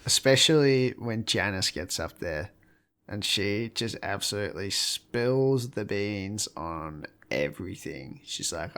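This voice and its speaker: A man with a fairly low voice co-hosts a casual film podcast. He retells scenes with lively energy and swears often. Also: slow, clear, resonant tone. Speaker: podcast co-host. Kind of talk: casual film review chat.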